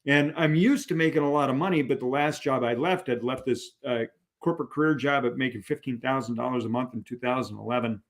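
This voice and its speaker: A middle-aged man, a podcast guest, telling a personal story in a casual, animated way with many fillers and restarts. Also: mid-range voice, fast. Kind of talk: conversational storytelling.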